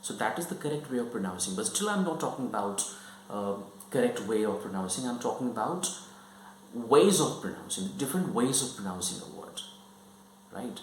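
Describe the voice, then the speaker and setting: A man's voice: medium pitch, very animated, moderate pace, echoey room, a little hiss or hum, poor audio. Man teaching pronunciation. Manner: repetitive, checks understanding often. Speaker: English teacher. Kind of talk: explanatory lesson.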